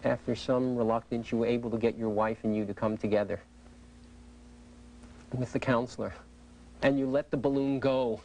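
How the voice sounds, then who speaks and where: A man conducting a clinical interview, asking measured, probing questions. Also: mid-range voice, gravelly, darkish tone, a little hiss or hum, rough recording. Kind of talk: therapeutic interviewing.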